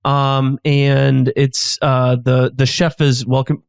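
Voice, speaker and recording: A man's voice: mid-range voice, flat delivery, slow, vocal fry, few pauses, clean tone. A man, a guest improv comedian, narrating a scene in a rambling way full of fillers and restarts.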